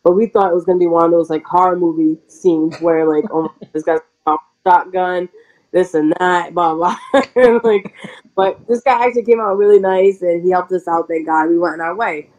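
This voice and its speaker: A woman pro wrestler telling a story in a casual interview, chatty and animated, full of "like" and quick laughs. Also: lowish voice, low-quality recording.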